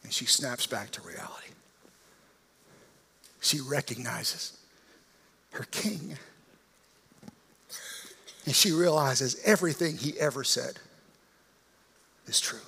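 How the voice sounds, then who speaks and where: A male pastor preaching an Easter sermon, telling the story dramatically and swinging from hushed, almost whispered lines to loud, impassioned ones. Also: medium pitch, expressive, slow, creaky, long pauses, a little hiss or hum.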